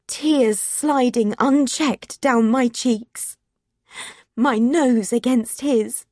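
A woman's voice: fairly high pitch, warm tone, no room sound, studio quality. A woman narrating a first-person novel, reading in an intimate, emotional way. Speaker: audiobook narrator.

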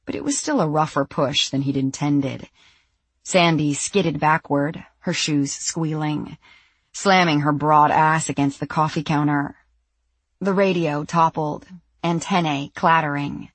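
A woman narrating a thriller audiobook in a measured, tense way. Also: low voice, fairly even intonation, no echo.

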